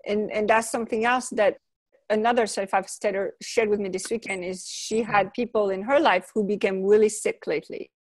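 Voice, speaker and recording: A woman's voice: medium pitch, steady tone, brisk. A woman co-hosting a casual chat, speaking in an earnest, affirming way. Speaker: co-host.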